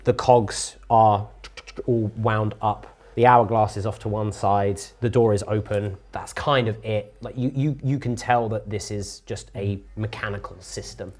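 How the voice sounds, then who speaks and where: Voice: mid-range voice, steady tone, unhurried, darkish tone. A game master narrating a tabletop game in an explanatory way, with frequent fillers.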